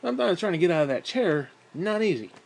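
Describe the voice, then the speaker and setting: A man's voice: high voice, very animated, quick pace, gravelly, darkish tone. Profane, exasperated man ranting casually. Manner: profane, exasperated and self-mocking, with frequent sighs. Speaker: vlogger. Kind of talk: casual rambling monologue.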